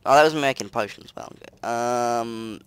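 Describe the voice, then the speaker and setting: A young man giving let's play commentary over a close mic, muttering to himself and breaking into loud, excitable outbursts. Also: mid-range voice, moderate pace, clear, resonant tone, dry recording. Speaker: gaming commentator. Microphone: close desk mic.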